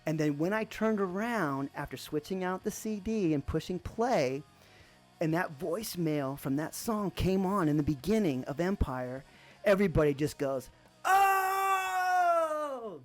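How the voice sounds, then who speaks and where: A man's voice: fairly high pitch, normal speed, faint music behind. Rambling man telling a personal story. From Arizona. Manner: relaxed, rambling, lots of fillers. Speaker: podcast host.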